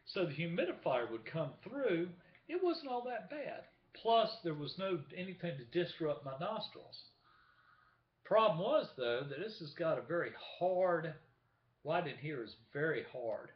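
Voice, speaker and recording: In an at-home vlog, a man chats casually to the camera and shows things to the viewer, his fairly high voice sing-song and unhurried. The window is open, and the room sounds echoey, with a dull, lo-fi quality.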